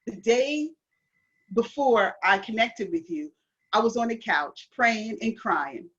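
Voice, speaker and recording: Woman, guest, lively storyteller, laughing, muffled lo-fi audio. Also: on the high side, slow. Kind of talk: casual faith conversation. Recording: dull lo-fi audio.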